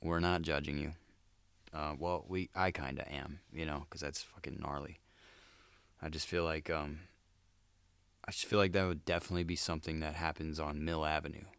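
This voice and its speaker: A man's voice: very deep voice, steady tone, normal speed, gravelly, fairly bright tone, clear, resonant tone, dry recording. A man hosting a solo comedic monologue, laid-back and crude, swearing often and calling listeners dude. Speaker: podcast host.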